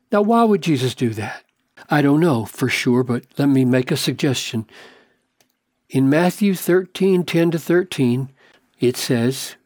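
A man preaching a sermon, slow and emphatic, posing searching questions. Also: fairly high pitch, animated, a little mellow, dry recording, clean studio sound.

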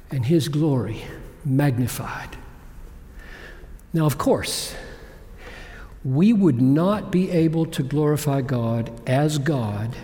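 A man preaching a sermon, swinging between loud exclamations and hushed whispers. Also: mid-range voice. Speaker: pastor. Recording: long hall reverb.

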